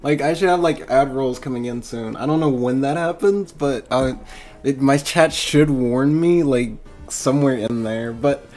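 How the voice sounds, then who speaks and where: A man's voice: mid-range voice, moderate pace, darkish tone, faint music behind. A male streamer on a live stream, overwhelmed and tearing up, thanking viewers with constant swearing and stammered thanks.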